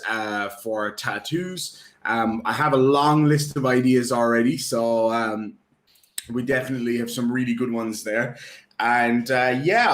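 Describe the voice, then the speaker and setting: A man in casual live-stream chat, rambling and joking with lots of ums and uhs. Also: medium pitch. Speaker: guest. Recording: roomy echo.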